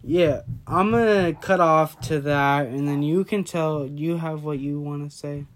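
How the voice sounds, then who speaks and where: A man's voice: on the high side, steady tone, unhurried. A drunk young man in casual late-night chat, rambling loosely and drifting off track.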